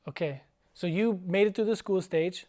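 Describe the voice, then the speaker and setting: A man's voice: high-pitched, a little mellow. A man who teaches and hosts a casual school podcast, talking in a playful, chatty way. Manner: playful, chatty, sounds out words slowly. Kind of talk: casual interview.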